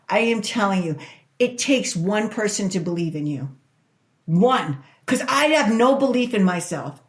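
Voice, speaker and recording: Older woman from Spain telling her story emotionally, echoey room. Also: medium pitch. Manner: emotional, rushed, repeats herself. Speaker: guest. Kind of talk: candid interview storytelling.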